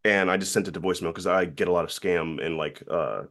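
A man as an interview guest, telling a story in a lively way and acting out the voices of other people. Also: sits low, fast. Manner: lively, acts out quoted voices.

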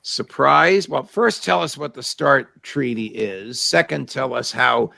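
A man's voice: mid-range voice, measured pace, creaky, bright, forceful tone, no echo. A man hosting an interview, asking wry, point-by-point questions of his guest. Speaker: talk show host.

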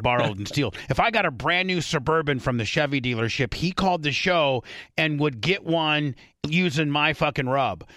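A man hosting a radio talk show in a blunt, animated way with heavy swearing. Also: medium pitch, no echo, studio quality. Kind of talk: casual profane radio talk. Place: radio studio.

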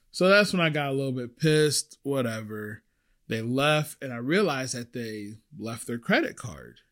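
A young man casually telling a story to camera about his time as a restaurant server, chatty and full of fillers, getting louder and higher when worked up.

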